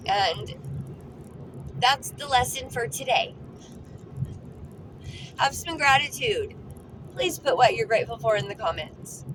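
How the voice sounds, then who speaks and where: A woman talking heartfelt and earnest in a personal vlog while driving, repeating words for emphasis. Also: fairly high pitch. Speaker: vlogger. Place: in a car, driving. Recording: phone recording with clear car noise. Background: car and road noise.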